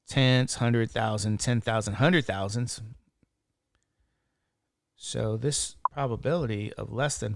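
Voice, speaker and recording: A man lecturing on statistics at an unhurried, deliberate pace, with a gravelly edge to his voice. He works through each calculation and counts digits aloud one by one. The sound is dry and close. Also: medium pitch, no room sound. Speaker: statistics instructor. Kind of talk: classroom lecture.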